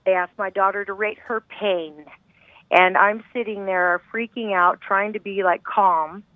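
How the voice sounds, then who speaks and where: A woman's voice: mid-range voice, fairly even intonation, a little slow, dry recording. Middle-aged woman on a tinny phone line. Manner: intense, rambling, heartfelt. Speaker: guest, bereaved mother. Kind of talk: emotional personal storytelling. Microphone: phone call.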